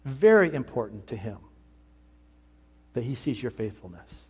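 A man's voice: medium pitch, sing-song, measured pace, darkish tone, breathy edge. A man preaching an earnest sermon as pastor, sometimes voicing imagined speakers.

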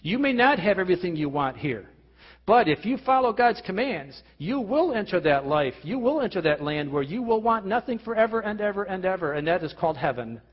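Husky male pastor preaching in a reverberant hall. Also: sits high, sing-song, fairly quick. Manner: earnest preaching with frequent restarts and rhetorical questions. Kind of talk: sermon. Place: church hall. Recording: lo-fi recording with long hall reverb.

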